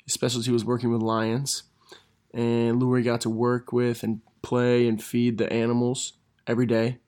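A young man, a gym teacher, telling funny stories in a casual monologue, laughing through them and correcting himself as he goes. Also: medium pitch. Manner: laughs through his stories, animated, quick self-corrections.

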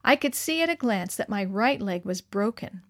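A woman reading a story aloud to children in a cheerful, expressive storybook manner. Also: medium pitch, normal speed, dry recording, studio quality.

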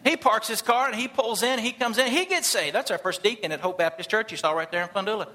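A man preaches to a congregation, telling his story quickly and with a lot of energy. His voice sits high and sounds bright and forceful. He slips into the voices of the people in his story as he tells it. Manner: animated, acts out quoted voices. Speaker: missionary pastor. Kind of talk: sermon storytelling. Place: church service.

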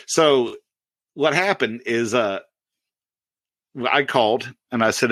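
A man in his forties on a podcast, casually telling a workplace story with lively laughs and put-on voices. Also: mid-range voice, takes it slowly, pauses often, no echo. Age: 40s. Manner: animated storyteller, loud impressions and laughter. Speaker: podcast co-host.

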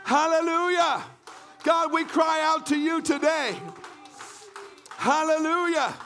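A man from Canada preaching a fervent sermon, often shouting and repeating phrases in a church. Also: very high-pitched, fairly even intonation, slow pace, soft background music. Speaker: pastor.

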